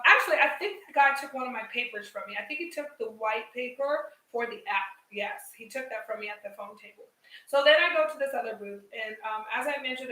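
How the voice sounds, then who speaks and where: A young woman telling a story to her viewers in a casual vlog, animated and chatty, laughing often and addressing them as y'all. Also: high voice, echoey room, distant mic, low-quality recording. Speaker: vlogger. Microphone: headset mic.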